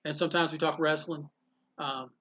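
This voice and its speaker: A man, a comic shop owner, telling animated stories in a casual interview and acting out the voices of people in them. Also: a little high, normal speed. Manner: animated storyteller, acts out quotes, laughs often.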